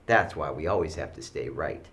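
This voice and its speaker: A man teaching students school rules with animated storytelling, acting out the kids' voices. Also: rumbling low, moderate pace.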